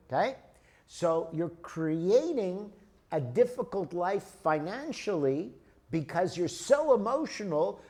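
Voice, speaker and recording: A male lecturer with a somewhat high-pitched voice talks an audience through his ideas in a lecture room. He explains step by step and keeps checking in with "okay?" and "right?". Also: a little mellow.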